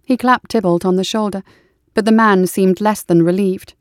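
The narrator is a woman with a medium pitch, reading an audiobook at normal speed in an even, steady storytelling manner. The sound is clean studio quality and dry.

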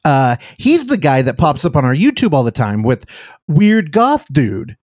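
A man's voice: fairly high pitch, big pitch swings, normal speed, darkish tone, no room sound. Chatty man on a dry studio mic. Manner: chatty, laughing, self-interrupting. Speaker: podcast host. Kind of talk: casual podcast chat about films.

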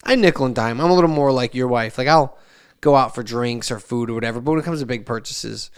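A man in his forties spins a rambling family anecdote on a podcast. His voice is smooth and resonant and sits at an ordinary pitch. He doubles back, restarts, and acts out the other people in the story. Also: fast. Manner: animated, meandering anecdotes with many restarts and asides; loudly acts out family members' lines in shifting voices. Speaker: podcast co-host. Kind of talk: casual chat, rambling storytelling.

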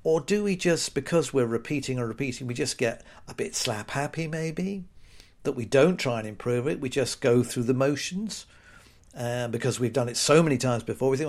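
Wry British man with a lively voice. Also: mid-range voice, moderate pace. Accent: British English. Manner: wry, sarcastic, chatty with mock-quoted voices. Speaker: podcast host. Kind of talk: casual solo podcast monologue.

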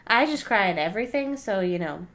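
A woman's voice: mid-range voice, expressive, a little fast, a bit bright. A woman co-hosting a podcast in casual chat, easygoing and rambling with many fillers. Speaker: podcast co-host.

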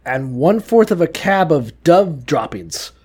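A man's voice: on the high side, sing-song, slow pace, a little mellow. A man from Ohio co-hosting a casual comedic chat, profane and laughing often as he acts out little voices. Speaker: podcast co-host.

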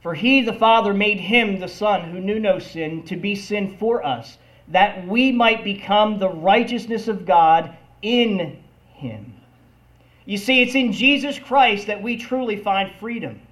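Slow, emphatic high-voiced male preacher. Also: a bit bright. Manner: slow, emphatic preaching with call-and-response "Amen?". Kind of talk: sermon.

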